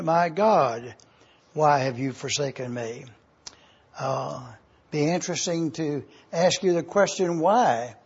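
A man teaching a sermon slowly and deliberately, repeating points for review. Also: a little high, breathy edge. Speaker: preacher. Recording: dull lo-fi recording.

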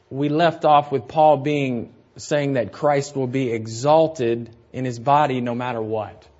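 A man delivering a teaching sermon at a slow, unhurried pace, often repeating his key phrases. His voice sits at an ordinary middle pitch. The recording sounds somewhat dull and lo-fi. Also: darkish tone. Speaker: pastor. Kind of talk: expository sermon.

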